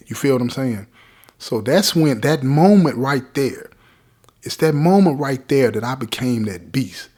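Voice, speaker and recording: A man's voice: mid-range voice, expressive, normal speed, darkish tone, slightly rough. Streetwise man telling a raw story. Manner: streetwise, keeps checking in with listeners. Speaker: podcast host telling his prison story. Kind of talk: casual storytelling.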